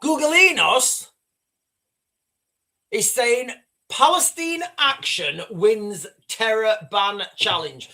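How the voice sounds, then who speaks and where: Hosting a live stream, this man speaks in a high voice that's pushed and bright. He rambles conversationally with his audience, reading their chat comments aloud.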